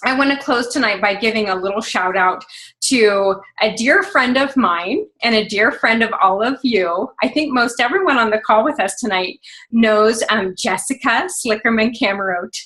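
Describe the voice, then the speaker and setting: An upbeat woman leads a motivational conference call for her team, gushing with enthusiasm and sprinkling in fillers. Her voice sits a little high and rings bright and forceful. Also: moderate pace, rough recording. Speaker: team leader on a sales call. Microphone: phone.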